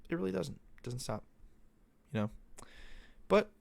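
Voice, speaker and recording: A man's voice: on the high side, very animated, moderate pace, gravelly, dry recording. A young man hosting a podcast, talking casually in a loose, profane, meandering monologue. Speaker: podcast host. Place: Arizona.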